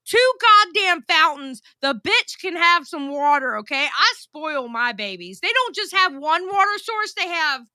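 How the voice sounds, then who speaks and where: A woman with a high, bright voice chats on a livestream, reading out viewer messages and gossiping bluntly. She swears freely. The sound is dry and close. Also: big pitch swings, unhurried, few pauses, no echo. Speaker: livestream host reading chat. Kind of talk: casual livestream chat.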